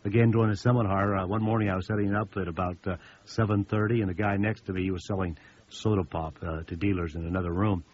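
A man's voice: low voice, steady tone, fast, a little mellow. A man giving a sales training talk to contractors, folksy and anecdotal, repeating words for emphasis. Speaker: business seminar speaker. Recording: dull lo-fi recording.

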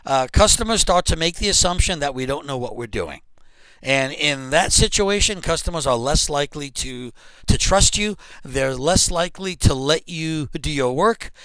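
Man, slightly high voice, lecturing on customer service with emphatic delivery; dry recording. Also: smooth, no echo, low-quality recording. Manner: lively, explanatory, emphatic delivery. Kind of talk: instructional lecture.

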